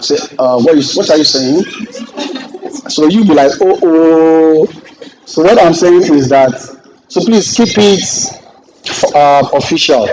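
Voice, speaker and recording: A middle-aged Nigerian man teaching a real estate class, lively and joking, acting out exchanges with clients as he goes. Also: on the high side, background noise. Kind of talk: classroom lecture with anecdotes.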